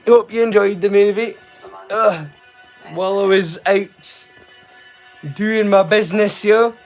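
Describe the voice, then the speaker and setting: A Scottish man chats to his livestream viewers, swearing freely and breaking into laughter. His voice sits high for a man, and faint music plays behind him. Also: steady tone. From Scotland. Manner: rambling, sweary, quick to laugh. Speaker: livestream host. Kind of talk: casual chat.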